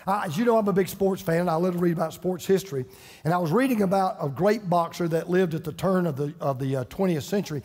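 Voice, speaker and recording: A man's voice: high voice, fast, a little mellow, in a large hall. A man preaching a sermon as pastor, impassioned, acting out quoted voices with drama, from a church sanctuary.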